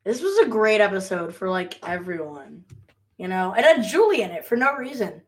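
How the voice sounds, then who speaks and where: A woman in casual chat about a TV episode, chatty and quick to laugh. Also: medium pitch, very animated, darkish tone.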